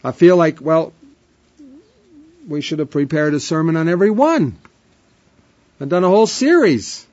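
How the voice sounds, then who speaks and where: A man preaching an emphatic sermon, repeating refrains, with his voice swelling up and dropping to a hush. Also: fairly high pitch, lively intonation, moderate pace, long pauses. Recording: dull lo-fi sermon recording.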